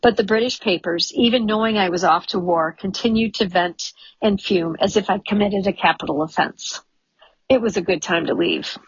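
A woman narrating a first-person memoir audiobook in a measured, wry storytelling manner, in a dull, lo-fi recording. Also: medium pitch, breathy edge, no room sound. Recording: dull lo-fi studio recording, dry.

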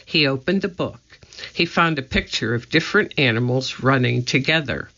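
A man reading a children's storybook aloud, narrating slowly and deliberately. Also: mid-range voice, animated, bright, forceful tone. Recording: dull lo-fi recording.

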